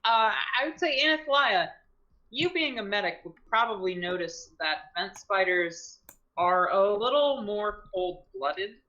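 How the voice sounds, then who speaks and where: A woman's voice: medium pitch, expressive, measured pace, sharp tone, dull audio. An American woman running a tabletop game as game master, narrating in a rambling way full of fillers. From United States.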